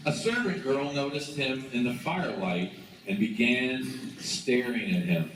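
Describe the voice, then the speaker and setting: A man's voice: medium pitch, expressive, moderate pace, fairly bright tone. A man speaking at a school chapel, retelling a story in a casual, conversational sermon and prompting the students to join in, recorded far off in a very echoey room with noise behind. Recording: very echoey chapel from afar, noisy.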